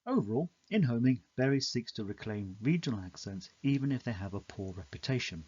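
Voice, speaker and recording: A man reading a scripted, measured explanation of a poem in an educational narration. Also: mid-range voice, lively intonation, mellow, husky, no room sound, dull audio.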